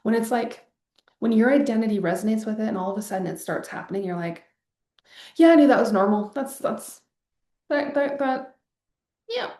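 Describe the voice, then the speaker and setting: A woman's voice: on the high side, moderate pace, a little mellow. Casual woman coach in an echoey room. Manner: casual and rambling, with sighs and frequent swearing. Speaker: wealth coach leading a masterclass. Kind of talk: live online coaching session.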